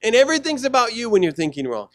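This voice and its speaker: A man with a high voice preaching a sermon with plenty of animation. He moves from loud, mocking put-on quotes to low, hushed asides. The sound is dry and close, with no room around it. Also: sing-song, rapid-fire, no room sound. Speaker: pastor.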